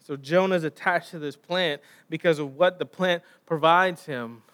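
High-voiced male preacher telling a story. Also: unhurried, fairly bright tone, clean tone. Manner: storytelling retelling with rhetorical questions. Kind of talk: sermon.

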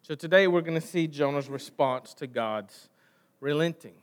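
An American man preaching a sermon, conversational and asking the congregation questions, swinging from loud emphasis to quiet trailing line endings. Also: on the high side, moderate pace. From United States. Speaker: pastor.

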